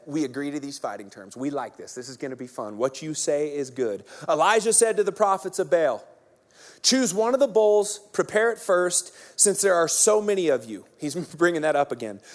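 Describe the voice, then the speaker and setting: A man in his thirties, a pastor preaching a sermon as an energetic, joking storyteller. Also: on the high side, normal speed.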